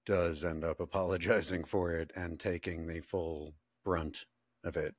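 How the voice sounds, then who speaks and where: A man's voice: sits low, fairly even intonation, unhurried, slightly rough, no room sound. A man co-hosting a podcast in casual chat, easygoing and asking questions. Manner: easygoing, asks questions, laughs often. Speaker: podcast co-host.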